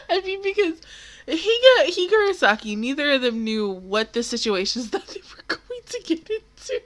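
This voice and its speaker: A young woman giving casual, excitable reaction commentary, swearing freely and laughing often. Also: sits high, normal speed. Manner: excitable, profane, laughs often, loud exclamations. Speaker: anime reaction video host.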